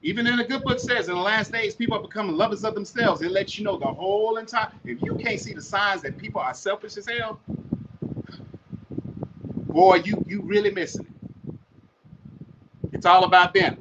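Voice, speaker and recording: Profane ranting podcast man, high voice. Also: lively intonation, moderate pace, pauses often. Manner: blunt, profane, preachy. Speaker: podcast host. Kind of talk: ranting monologue. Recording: muffled with loud noise.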